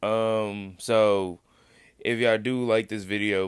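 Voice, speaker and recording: A young man with a fairly low, smooth voice gives casual reaction commentary in a dry, close sound. He has the hiccups. His talk is loose and rambling, full of restarts. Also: fairly even intonation, slow, no echo. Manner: rambling, loose, self-interrupting. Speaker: reaction vlogger.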